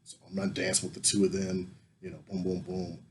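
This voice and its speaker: A man's voice: deep voice, monotone, brisk, background noise. Profane, emphatic American man telling a story. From United States. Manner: profane, emphatic, rising to loud indignation. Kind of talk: casual comic storytelling.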